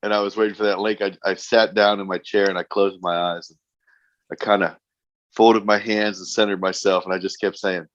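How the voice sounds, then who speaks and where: Middle-aged male host, lowish voice, easygoing, quick agreeing interjections. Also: flat delivery, no echo, highs cut off. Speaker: podcast host. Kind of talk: casual interview chat.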